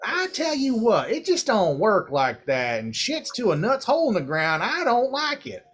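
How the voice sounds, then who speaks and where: A man's voice: high voice, wildly swooping pitch, very slow, fairly bright tone, breathy edge, voice pushed up, full character voice. A man voicing a plain, boastful male dragonborn commoner who rambles and cusses in a rural redneck drawl. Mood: folksy ranting.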